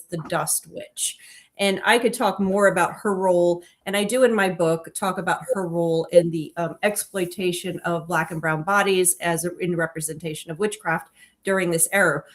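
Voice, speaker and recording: A woman's voice: fairly low pitch, fairly even intonation, moderate pace. Enthusiastic woman co-hosting a film chat. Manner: enthusiastic, digressive, self-correcting. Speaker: podcast co-host and author. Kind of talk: casual film discussion.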